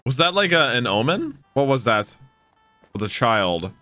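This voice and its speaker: A man's voice: medium pitch, measured pace, soft background music. A young man giving casual, emotional commentary while reacting to an anime episode, often calling out "bro". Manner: excitable, emotional, says bro a lot.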